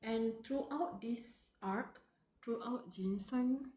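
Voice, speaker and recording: Slow, mellow-voiced woman streamer. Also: fairly high pitch. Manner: rambling, emotional, many fillers. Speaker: streamer reading a web novel live. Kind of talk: live reading with emotional reactions. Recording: roomy with faint background noise.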